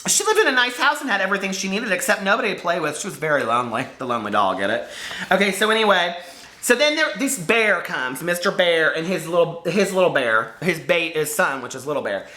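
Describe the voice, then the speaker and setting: A man's voice: high-pitched, very animated, fast talker, pushed and bright. A man chatting casually to camera about books he loved as a child, gushing, giggly and nostalgic. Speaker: book vlogger. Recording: echoey room.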